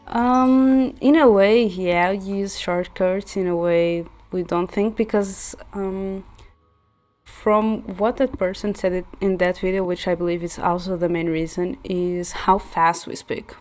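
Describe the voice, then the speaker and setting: A woman's voice: medium pitch, fairly even intonation, a little slow. A woman from central Portugal with a Portuguese accent, a native Portuguese speaker chatting casually in English as a streamer, explaining with many restarts and fillers. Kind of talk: casual chat while gaming. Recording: soft background music.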